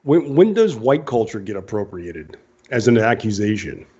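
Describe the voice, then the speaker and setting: A man's voice: fairly low pitch, big pitch swings, moderate pace, warm tone, breathy edge. A man co-hosting an online radio show, joking sarcastically about politics in casual banter. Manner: sarcastic, mocking. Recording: dull lo-fi online radio audio.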